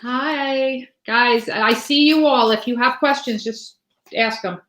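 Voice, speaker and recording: A woman's voice: a little high, takes it slowly, a bit bright, roomy sound. A woman giving a live tarot reading to viewers, chatty and rambling, full of fillers and restarts. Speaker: tarot reader.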